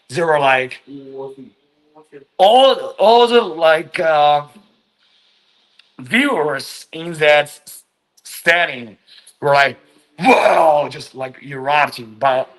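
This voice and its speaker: Poor audio carries a fairly high, fairly bright male voice. The speaker, a Chinese vlogger using English as a second language, rambles slowly through a casual monologue, swearing a lot and leaning on fillers.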